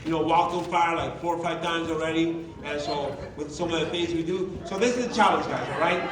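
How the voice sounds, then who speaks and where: Male workshop presenter with a high voice, emphatic and chatty, recorded from a distance in an echoey meeting room. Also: fairly quick. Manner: conversational and emphatic, with many rhetorical questions. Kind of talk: motivational talk to a live group.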